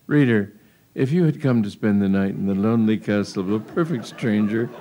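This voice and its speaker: A man's voice: lowish voice, a little fast, warm tone, a little hiss or hum. A man reading a humorous story aloud in a wry, amused storytelling manner. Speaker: narrator. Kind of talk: audiobook reading of a comic tale.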